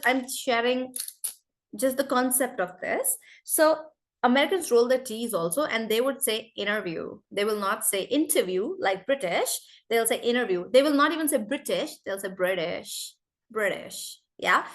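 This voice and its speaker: A woman teaching an online accent class, chatty and repeating example words slowly. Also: sits high, a bit bright.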